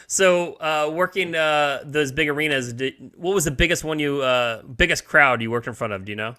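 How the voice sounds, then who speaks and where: A man hosting a casual interview chat, relaxed and hesitant with many fillers. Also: on the high side, moderate pace. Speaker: podcast host.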